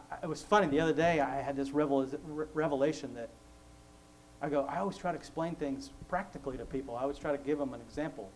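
A man's voice: medium pitch, darkish tone, slight background noise, poor audio. A man sharing faith thoughts in a casual, chatty way, laughing often between points. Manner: chatty storytelling, laughs often, acts out quoted voices.

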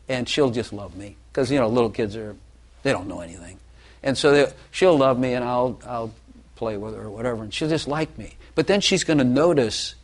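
An older man speaks in a plain, mid-pitched voice as he gives a personal testimony. He is earnest and self-deprecating. He often stops and restarts his phrases. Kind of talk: confessional testimony talk.

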